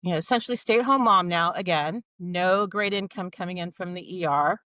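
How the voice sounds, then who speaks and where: Candid woman telling her story, low-pitched. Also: a little fast, no echo. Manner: candid, animated storytelling with quoted dialogue. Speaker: podcast guest, nurse practitioner. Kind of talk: casual interview storytelling.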